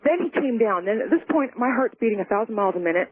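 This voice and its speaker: Woman on the phone, all worked up, rushing her story, tinny line with a bit of hiss. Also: a little high. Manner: excited, rushed, talks over the host. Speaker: caller. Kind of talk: call-in radio storytelling. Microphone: telephone.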